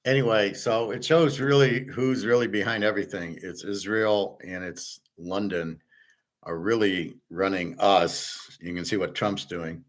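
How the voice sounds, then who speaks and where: A man's voice: lowish voice, steady tone, unhurried. A man hosting an online show, ranting in a blunt, profane, rambling way. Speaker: show host and betting tipster. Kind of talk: casual ranting commentary.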